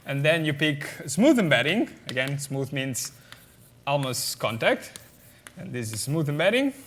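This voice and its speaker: A man's voice: fairly high pitch, big pitch swings, unhurried, a bit bright, a little hiss or hum. A man giving a mathematics lecture at a conference, explaining step by step with many fillers and often checking the audience with "okay?".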